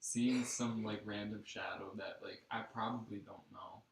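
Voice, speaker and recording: A young man in a casual chat, reacting with lively jokes. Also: on the low side, normal speed, gravelly, far from the mic, a little hiss or hum. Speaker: listener. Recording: echoey room, off mic.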